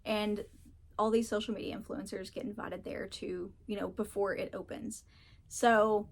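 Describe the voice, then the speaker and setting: A woman reviewing books in casual chat, frank and ranting, laughing often and swearing now and then. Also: mid-range voice. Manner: animated, mocks characters in put-on voices. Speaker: book reviewer.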